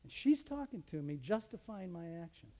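A man, a teacher, telling a personal story as a testimony, animated and with his voice rising sharply in the retold scenes. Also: sits high, moderate pace. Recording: long reverb of a large hall.

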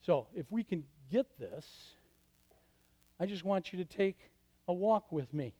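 High-voiced man preaching with dramatic swings. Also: animated, slow pace. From Michigan. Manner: dramatic swings from loud to hushed. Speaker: pastor. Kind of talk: sermon.

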